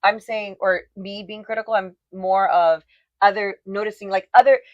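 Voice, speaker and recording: A woman's voice: medium pitch, steady tone, normal speed, no room sound, dull audio. A woman co-hosting a casual chat show, talking in a chatty, rambling way with restarts. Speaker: co-host.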